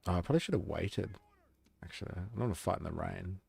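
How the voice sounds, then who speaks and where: A man's voice: low-pitched, fast, gravelly, darkish tone, breathy edge. A man chatting casually on a live stream while gaming, reacting to chat and swearing offhandedly.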